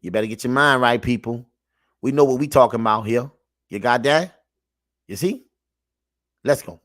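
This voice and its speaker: A man hosting his own show and reacting to clips with preachy commentary. He repeats himself, calls out to his audience, and swings from low muttering to loud emphatic shouting. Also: moderate pace, no echo, studio quality.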